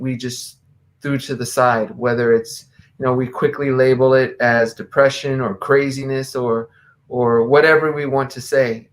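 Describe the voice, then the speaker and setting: Host, an American man with a mid-range voice, conversational, reads quotes aloud. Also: medium pitch. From USA. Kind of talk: casual live-stream chat.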